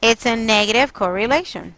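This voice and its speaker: A woman's voice: a little high, a little fast, fairly bright tone, dry recording, rough recording. A woman math teacher leading a classroom lesson, quizzing her students and coaxing answers out of them. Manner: coaxing, quizzing students, exasperated then apologetic.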